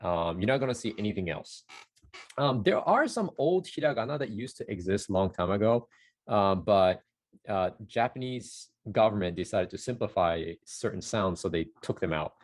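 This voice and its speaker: A man with a husky, somewhat low voice walks through a casual pronunciation lesson. He sounds out each syllable slowly and repeats it, now and then correcting himself mid-sentence. His pitch moves in a lively way between high and low. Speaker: Japanese teacher.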